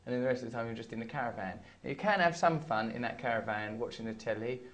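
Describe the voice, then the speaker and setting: A man in his thirties with an English accent, a comedian guest in an interview, rambling through absurd deadpan jokes. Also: medium pitch, fast. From England. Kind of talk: playful interview banter.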